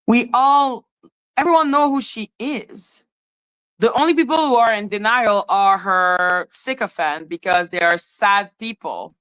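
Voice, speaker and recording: A woman hosting a live podcast, ranting in an animated, profane way and laughing often. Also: mid-range voice, a little slow, clear, resonant tone, poor audio. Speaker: podcast host.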